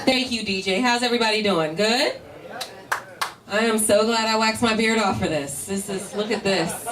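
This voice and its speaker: A woman's voice: medium pitch, normal speed. A woman comic opening her stand-up set with playful, teasing banter. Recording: echoey distant club mic with music.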